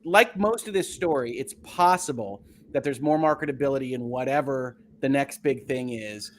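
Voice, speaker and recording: A man talking on a gaming podcast panel, lively and fond of acting out imagined dialogue. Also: mid-range voice, normal speed, a little hiss or hum. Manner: animated, acts out quoted dialogue. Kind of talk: casual panel discussion.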